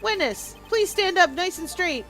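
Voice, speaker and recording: A woman's voice: extremely high pitch, animated, measured pace, fairly bright tone, soft background music, pitched above the performer's own voice, full character voice. A woman voicing a fussy elderly male judge who gives formal, polite courtroom commands.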